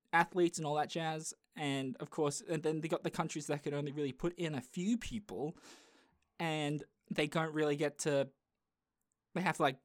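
A man's voice: a little high, no room sound, clean studio sound. Chatty man hosting a podcast. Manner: rambling, chatty, lots of fillers. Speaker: podcast host. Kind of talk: casual chat.

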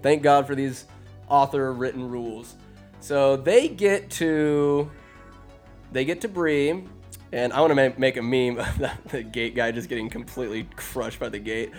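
A man recapping a fantasy film in casual, sarcastic commentary, animated and quick to put on voices for the characters. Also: medium pitch, faint music behind. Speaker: movie recapper. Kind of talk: casual comedic movie recap. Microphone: phone or desk mic, recording alone.

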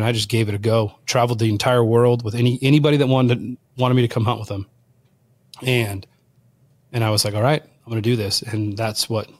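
A man, a wild game chef, telling a personal story as a guest and acting out the voices of people he quotes. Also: mid-range voice. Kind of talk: storytelling in conversation.

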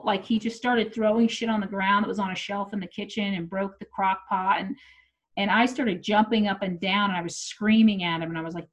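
A middle-aged woman telling a personal story in casual chat, swearing freely and acting out what people said. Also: mid-range voice. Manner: animated, profane, acts out quotes. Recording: muffled lo-fi audio.

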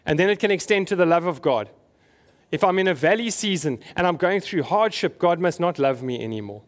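A man's voice: high-pitched, expressive, a little fast. A man preaching a conversational sermon to his congregation, asking them questions as he goes. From South Africa. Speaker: pastor.

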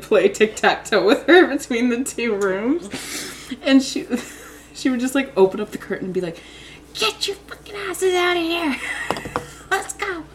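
A woman's voice: a little high, a little hiss or hum. A young woman telling childhood stories in casual chat, rambling and giggling, with lots of "like".

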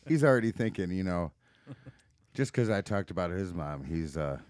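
A man's voice: sits low, lively intonation, a little slow, darkish tone, no echo. A man hosting a casual podcast, joking around with friends and laughing often. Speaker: podcast host. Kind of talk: casual banter.

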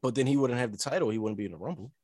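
A man's voice: mid-range voice, very fast, a little mellow, no echo. A man in casual chat, laid-back and skeptical, with slangy speech.

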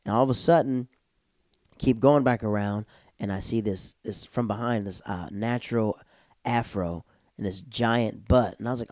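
Animated man telling a comic story. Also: normal speed, dry recording, clean studio sound. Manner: animated, jumps into loud high-pitched quoted voices. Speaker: stand-up comedian.

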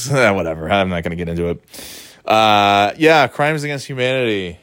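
A man's voice: fairly low pitch, normal speed, a bit bright, clean tone, dry recording, studio quality. A man giving casual, sarcastic commentary on a clip, swearing freely. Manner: sarcastic, swears, mocks with put-on voices.

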